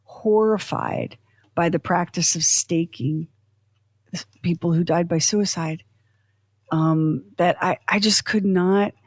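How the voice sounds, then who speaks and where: A woman's voice: lowish voice, slow pace, no echo. A woman hosting a podcast, talking in a chatty, rambling, self-deprecating way. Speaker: podcast host. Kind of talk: casual chat.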